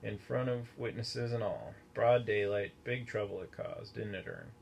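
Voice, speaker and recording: A man voicing a chatty, excitable young male bus conductor who gossips eagerly. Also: on the low side, gravelly, slight background noise. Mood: gossipy. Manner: gossipy, excitable, talks fast.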